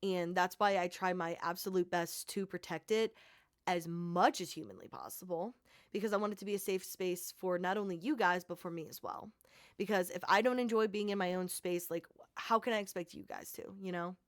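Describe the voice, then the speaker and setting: A woman's voice: on the low side, fairly even intonation, a little fast, no echo, studio quality. A young woman content creator talking in a casual vlog, rambling and heartfelt, with many "like"s. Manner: rambling, heavy use of "like", heartfelt and gushing.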